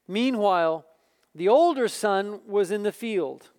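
A man's voice: high-pitched, animated, takes it slowly, a little mellow, clear, resonant tone. A pastor preaching a sermon, emphatic and repeating words as he builds each point.

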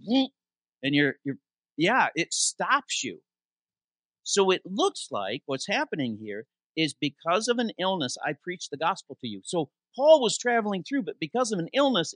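A man preaching a sermon, his voice pitched a little above the usual for a man. The sound is dry and close, with almost no room echo. He slows down to stress scripture and asks the congregation questions before answering them. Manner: animated preaching, reads scripture aloud with slowed emphasis. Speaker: interim pastor. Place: church sanctuary.

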